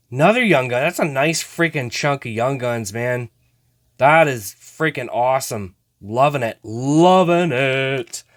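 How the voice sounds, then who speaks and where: A man's voice: fairly high pitch, fairly bright tone. A man hosting a casual card-opening vlog, chatting to viewers as he sorts through cards. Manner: chatty, talks to viewers while sorting cards. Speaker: host.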